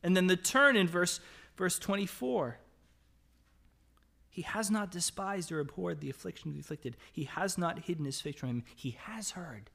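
A man's voice: normal speed, vocal fry, fairly bright tone. A man preaching a sermon, reading psalm verses aloud and calling out the anguished cries with a raised voice, then dropping back to an easy conversational tone that often checks in with "right?". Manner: reads scripture aloud and rises in pitch and volume when voicing anguished cries. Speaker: pastor.

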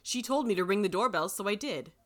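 A woman's voice: mid-range voice, expressive, a little fast, a bit bright, close to an everyday voice. Woman doing a bossy, domineering young man. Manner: firm, commanding. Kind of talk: audiobook reading.

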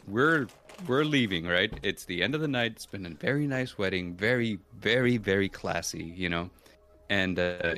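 A man on a casual chat stream, telling a story and acting out the people in it. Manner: animated, acts out quoted people with sudden high pitch jumps. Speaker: stream guest.

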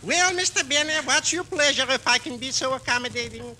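An actor playing a jolly, sly butcher in a 1940s radio comedy, with a chuckling comic manner. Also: male voice, very high voice, brisk. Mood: jovial. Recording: noisy old radio broadcast.

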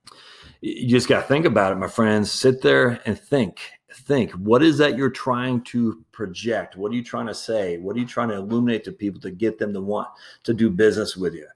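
A man with a fairly low voice hosts his own podcast in a loose, off-the-cuff way. He rambles candidly, stumbles over restarts and fillers, and slips in an easy chuckle as he speaks to his listeners as friends. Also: moderate pace. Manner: laughs easily while talking. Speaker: podcast host. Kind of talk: casual solo commentary.

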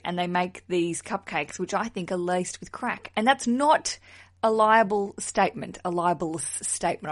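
A woman hosting a podcast in casual solo chat. She is outspoken, swears freely and often laughs. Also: lowish voice. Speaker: wedding podcast host.

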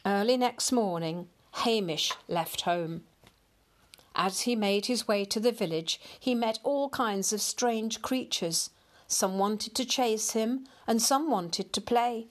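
A woman reading a picture storybook aloud in a slow, expressive storyteller manner. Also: medium pitch.

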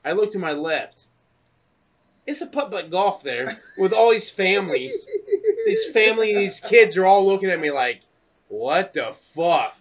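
A man co-hosting a casual podcast chat, telling stories full of swearing and acting out his own shouting. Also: sits high, normal speed. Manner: profane, animated storytelling, acts out shouting. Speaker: podcast co-host.

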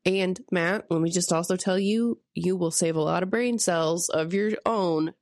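This is a woman with a lowish voice co-hosting a casual podcast. She tells stories with energy and a frank, swearing humor. Her voice sounds close and dry, with no room around it. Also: unhurried, no room sound. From St. Louis area. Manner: candid, swears freely, animated storytelling. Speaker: podcast co-host; parent of a young daughter. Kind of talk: casual chat.

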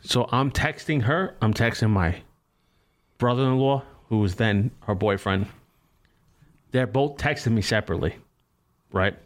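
Young guy co-hosting a podcast, mid-pitched, swears freely, loose storyteller. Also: a little slow, long pauses. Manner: rambling, swears freely, laughs at himself. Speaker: podcast co-host. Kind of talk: casual storytelling chat.

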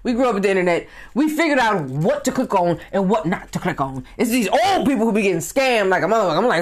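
A woman in her thirties ranting casually and profanely, swinging from loud outbursts to muttered asides. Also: mid-range voice, very animated, fast talker, few pauses. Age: 30s. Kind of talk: casual rant to camera.

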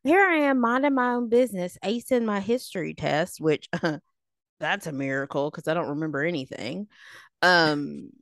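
A woman in her late thirties, a podcast co-host telling high school stories in a snarky, animated way. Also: normal speed, dry recording, clean studio sound. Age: late 30s. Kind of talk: casual storytelling chat.

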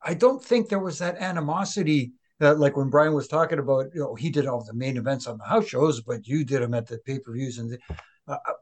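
Earnest man with halting speech. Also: mid-range voice, darkish tone. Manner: earnest, halting with repeated starts. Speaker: podcast co-host, former referee. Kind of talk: casual podcast chat.

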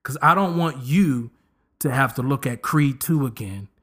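A man's voice: mid-range voice, normal speed. A man in his thirties hosting a podcast, giving a comedic casual monologue and slipping into voices as he jokes. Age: 30s. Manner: animated, joking, slips into voices. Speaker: podcast host.

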